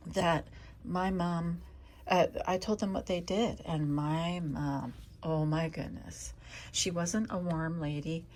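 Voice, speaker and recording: An older woman from Canada telling rambling stories to her cat at home, often sliding into a soft whisper. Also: fairly low pitch. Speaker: vlogger talking to her cat. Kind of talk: casual storytelling to a pet.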